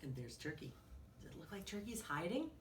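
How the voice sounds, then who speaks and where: A woman's voice: fairly low pitch, sing-song, a little fast. A woman teacher reading a picture book aloud to young children, asking them questions and dropping into whispers. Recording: echoey room, distant mic, faint hiss.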